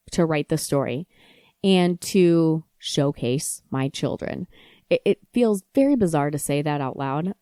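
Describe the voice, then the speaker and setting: A woman in her thirties telling a story about her kids in a casual, animated way, laughing and acting out her own side of conversations. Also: deep voice, no echo, studio quality. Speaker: podcast host and mom blogger.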